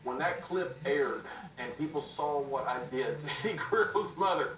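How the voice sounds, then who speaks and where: A middle-aged man, a guest in an interview, telling stories in an animated, quick way with restarts. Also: fairly high pitch, slight background noise. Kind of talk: storytelling in a casual interview. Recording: roomy sound from a distant mic.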